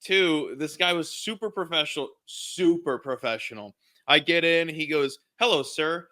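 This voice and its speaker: A man's voice: a little high, normal speed. A man co-hosting a podcast, telling a story in a casual chat and laughing through it. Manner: laughs through his stories, excitable. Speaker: podcast co-host.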